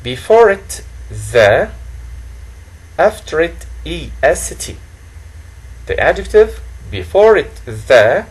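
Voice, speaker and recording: A man's voice: on the high side, very animated, slow, long pauses, husky, low-quality recording. A man teaching a grammar lesson, who repeats phrases and keeps saying "okay". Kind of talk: slow classroom lesson.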